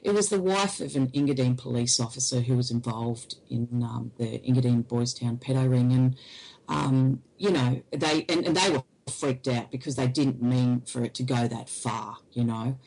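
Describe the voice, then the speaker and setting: A woman, an interview guest, recounting a personal experience in halting, hesitant speech. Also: rumbling low, a little mellow, rough recording.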